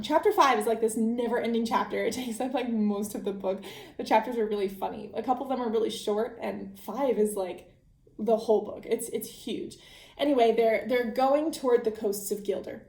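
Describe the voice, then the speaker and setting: A woman's voice: fairly high pitch, darkish tone, echoey room. A young adult woman hosting a podcast, chatting casually through a book recap, laughing often and full of fillers. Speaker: podcast host.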